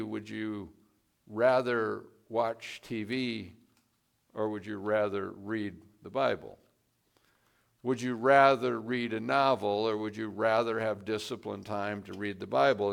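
A male pastor delivers a sermon at an unhurried, measured pace. His voice carries a gravelly edge, and he drives hard on key words to make his point. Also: medium pitch, fairly bright tone. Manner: slow and deliberate, rising to emphatic stress on key words.

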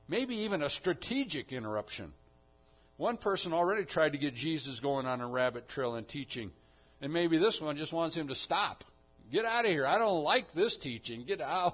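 Male pastor, mid-pitched, preaching with big swings from soft to emphatic, dull lo-fi capture. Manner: swings from quiet asides to loud emphatic peaks. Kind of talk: sermon. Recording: dull lo-fi sound.

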